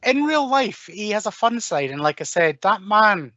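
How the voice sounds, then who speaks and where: A man's voice: sits high, very animated, normal speed, pushed and bright, no echo, lo-fi sound. A man co-hosting a podcast, chatting casually about a film with teasing, jokey asides. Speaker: podcast co-host. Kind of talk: casual chat reviewing a film.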